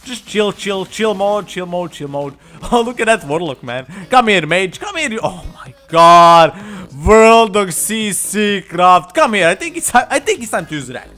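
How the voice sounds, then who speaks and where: Man, cocky gameplay commentary, high voice, swings wildly in pitch, trash talk, faint music behind. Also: big pitch swings, normal speed, hardly any pauses, pushed and bright. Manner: boastful, trash-talking, swears a lot; laughs often. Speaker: gamer. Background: faint background music.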